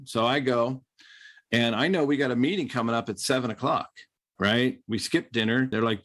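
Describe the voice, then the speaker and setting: A man's voice: medium pitch, moderate pace. A middle-aged man, a podcast guest and former quarterback, telling stories in a casual interview and acting out other people's voices. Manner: animated storyteller acting out quoted voices.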